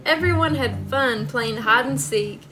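Brief high-voiced woman librarian, unhurried animated storytime reading, music behind. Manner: animated, asks children questions. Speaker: children's librarian. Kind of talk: children's storytime read-aloud.

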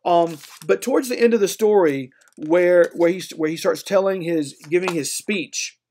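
A man's voice: high voice, normal speed. A man lecturing a class on literature in a conversational way, often checking in with "okay?" and "right?". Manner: animated, acts out voices when retelling.

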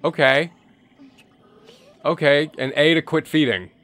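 Man, slightly high voice, excitable, joking, swearing, game commentary. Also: measured pace, no echo. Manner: excitable, joking, swears often, reads game text aloud. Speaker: gameplay commentator. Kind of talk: profane let's-play commentary.

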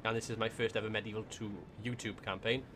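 A man's voice: fairly low pitch, little pitch movement, fast talker, a bit bright, a little hiss or hum. A man with a Welsh accent giving casual gameplay commentary, thinking aloud as he plays. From Wales. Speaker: gaming YouTuber.

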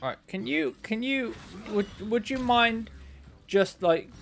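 A man's voice: sits high, lively intonation, measured pace, a bit bright, a little hiss or hum. A man giving sarcastic, chatty commentary while playing a video game and talking back to its characters. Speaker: let's play gamer. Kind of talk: casual gameplay commentary.

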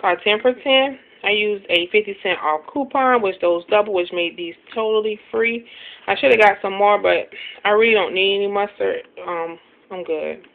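A chatty woman walks through a grocery haul at a brisk, self-deprecating clip, scattering ums as she goes. Her voice sits at an ordinary middle pitch. The sound is thin and phone-like, with a faint hiss underneath. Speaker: couponing vlogger showing a grocery haul. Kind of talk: casual haul video talk.

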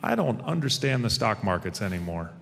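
Guy quoting his blunt, baffled hundred-year-old uncle, low voice with long hall echo. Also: sing-song, brisk, vocal fry, a bit bright, heavily acted. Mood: puzzled. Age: over 100. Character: very old man, plain-spoken uncle.

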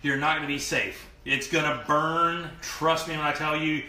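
Man, cooking show host, bright, slightly high voice, animated and emphatic, echoey kitchen with faint pan clatter. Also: normal speed. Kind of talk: live cooking demo chat.

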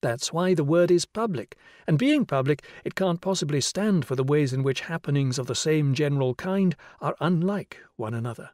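A man doing a lively young schoolteacher. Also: on the high side, no room sound, studio quality, lightly acted. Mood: lecturing. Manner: brisk explaining, questioning a class. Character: young male teacher, patient and playful. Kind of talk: audiobook character reading.

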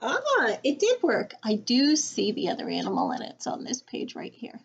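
High-voiced playful woman reading to kids. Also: wildly swooping pitch, moderate pace, slightly rough, dull audio. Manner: playful, sing-song animal rhymes. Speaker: teacher reading aloud. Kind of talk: read-aloud lesson for children.

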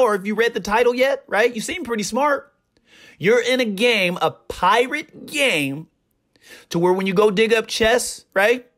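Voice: medium pitch, fairly bright tone. A young adult streamer giving indignant reaction commentary, ranting and repeating rhetorical questions.

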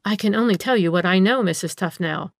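A woman voicing a pert, sharp-tongued young woman in a storybook reading, with retorts that are acid and quick to answer back. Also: a little high, animated, no echo, studio quality.

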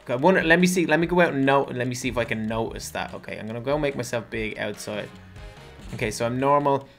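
A man chatting casually while playing a building game, thinking aloud and breaking into loud panicky bursts. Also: medium pitch, fast talker, gravelly, faint music behind. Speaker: gaming channel host. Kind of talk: casual gameplay chat.

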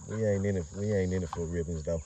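A man's voice: sits low, steady tone, quick pace, warm tone, far from the mic, a little hiss or hum. A man breeding dogs, talking loosely in rambling street slang and filming his yard on a phone. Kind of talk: casual outdoor vlog narration.

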